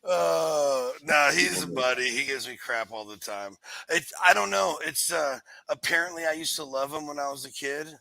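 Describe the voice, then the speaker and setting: A man's voice: a little high, normal speed, vocal fry, poor audio. A man hosting a casual show, rambling through stories and reading the live chat. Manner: rambling, animated storyteller.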